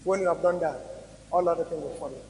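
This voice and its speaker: A man preaching a sermon as pastor, swinging between loud emphatic rises and quiet drops. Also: a little high, fast talker, slight background noise. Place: church hall. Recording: reverberant church hall recording.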